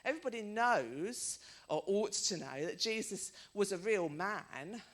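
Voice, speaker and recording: Middle-aged lady giving a sermon, chatty, asks the room questions, pitch jumps around a lot. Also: lively intonation, unhurried. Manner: chatty storytelling, asking the listeners questions. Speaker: preacher.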